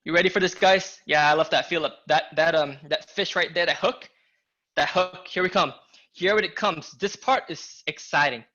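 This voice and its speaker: A man leading a live online sales training, energetic and emphatic, talking straight to his audience. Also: on the high side, normal speed. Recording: dull lo-fi audio.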